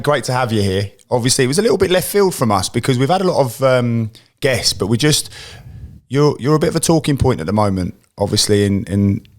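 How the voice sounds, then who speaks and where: Jokey english guy in his 40s hosting a podcast, lowish voice, rambles a lot. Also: a little mellow. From England. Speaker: podcast host. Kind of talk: casual chat.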